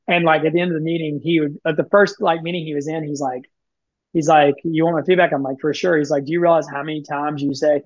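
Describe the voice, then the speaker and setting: A man chatting as a podcast guest, telling stories in a quick, lively way and often acting out what he and others said. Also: fairly high pitch, dry recording, dull audio. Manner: fast, animated, quotes himself and others often. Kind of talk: casual storytelling.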